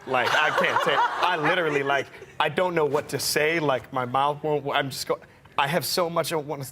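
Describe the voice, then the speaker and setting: A man telling an excited personal story as a talk show guest, voice sitting a little high. He laughs often and trips over his words as he rushes along, with a faint hiss under him. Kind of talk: casual anecdote.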